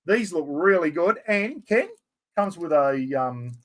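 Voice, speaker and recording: Excitable Australian man hosting a giveaway. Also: on the high side, slow pace. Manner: chatty, excitable, blokey slang. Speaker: livestream host. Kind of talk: casual live giveaway stream.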